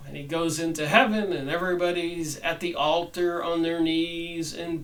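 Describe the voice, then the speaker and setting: A man's voice: a little high, steady tone, moderate pace, hardly any pauses, fairly bright tone, recorded from a distance, rough recording. A man hosting a book review, reading passages aloud and adding his own conversational, rambling asides. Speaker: channel host reviewing a book.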